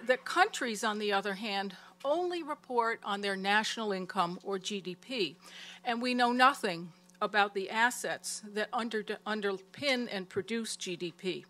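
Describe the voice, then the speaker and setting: A woman giving a prepared presentation of a research report in a steady, measured way. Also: medium pitch.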